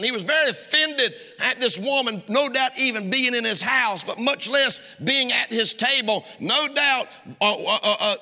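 A male pastor with a high, bright voice delivers an impassioned sermon in a church sanctuary. He directs rhetorical questions at the congregation, and the recording has a church hall's long reverb.

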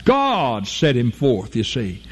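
A man preaching a fervent, folksy sermon, leaping to high emphatic peaks and slowing down to draw out key phrases. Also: wildly swooping pitch, husky. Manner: fervent, with sudden jumps to a high emphatic pitch and drawn-out slow phrases; folksy, informal grammar, addresses listeners as folk.

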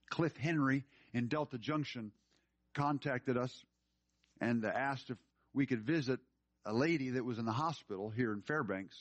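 A man's voice: mid-range voice, no room sound, muffled recording. A man preaching a sermon in a church, telling a story and building to emphatic appeals. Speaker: pastor. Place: church room.

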